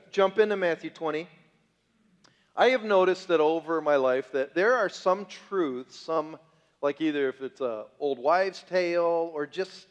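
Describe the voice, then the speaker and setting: Guy pastor preaching, kinda high voice, jokey, lots of questions to the room, echoey church hall. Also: highs cut off. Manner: conversational, joking, rhetorical questions. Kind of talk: sermon. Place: church sanctuary.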